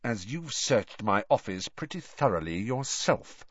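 A man voicing a cold, menacing male professor who speaks in a soft, hissing, dangerous way. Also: fairly low pitch, big pitch swings, unhurried, no room sound. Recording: dry, slightly dull recording.

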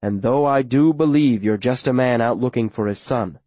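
A man voicing a stern middle-aged town leader who speaks in a measured, grave way. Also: medium pitch, dark tone, no room sound, lightly acted.

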